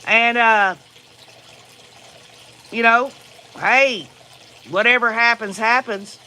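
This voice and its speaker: Very high-voiced Southern US man. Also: slow, bright, forceful tone, slight background noise. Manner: rambling and opinionated, with frequent fillers. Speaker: livestream host. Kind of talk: casual livestream chat, answering viewer comments.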